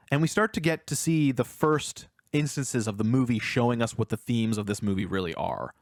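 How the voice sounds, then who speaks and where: A man's voice: mid-range voice, a little fast, few pauses, no echo, studio quality. A man co-hosting a casual film review podcast, retelling scenes and acting out the characters' lines. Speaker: podcast co-host.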